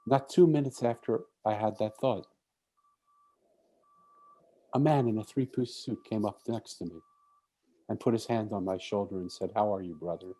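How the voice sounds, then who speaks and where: A man with a lowish, mellow voice giving an inspirational talk to a conference audience. He tells a personal story and voices the people in it as he goes. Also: moderate pace, pauses often. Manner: storytelling, acts out quoted speech. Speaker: speaker.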